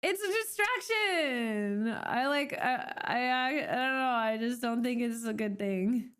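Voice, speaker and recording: A woman's voice: a little high, steady tone, unhurried, smooth. A young woman from Canada chatting casually on a live stream, rambling with many fillers and restarts.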